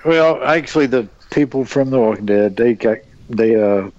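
A man's voice: mid-range voice, moderate pace, dry recording, highs cut off. A man, a convention guest telling long rambling stories full of fillers and restarts. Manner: rambling, animated storyteller with many fillers and restarts. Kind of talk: casual storytelling on a podcast.

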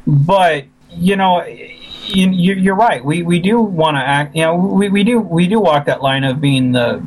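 A man who makes fan films, talking in a casual chat, animated and frustrated, often repeating himself as he vents. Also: high-pitched, a little slow, low-quality recording. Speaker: fan filmmaker.

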